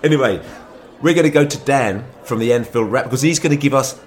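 A hoarse man, hosting a casual football podcast in an upbeat, chatty and emphatic way. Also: medium pitch, fast talker. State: hoarse morning-after voice. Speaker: podcast host. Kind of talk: casual fan podcast chat.

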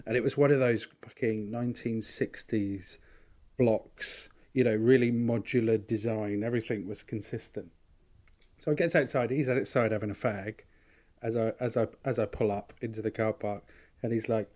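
A man's voice: lowish voice, steady tone, normal speed, a little mellow. A man co-hosting a podcast, telling rambling, sweary anecdotes in casual chat. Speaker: podcast co-host.

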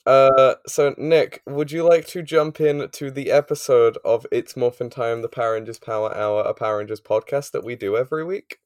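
A man hosts a relaxed podcast, teasing his co-host and keeping things light. His pitch is ordinary for a man, and the recording is dry and close. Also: moderate pace, hardly any pauses, no room sound. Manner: teasing, playful and upbeat. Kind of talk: casual chat.

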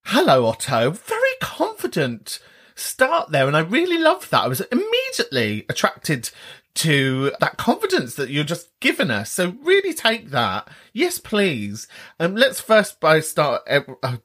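Giggly, camp man, lively pitch. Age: 30s. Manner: camp, jokey, giggly, quick asides. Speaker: podcast host. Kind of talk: casual chat responding to callers.

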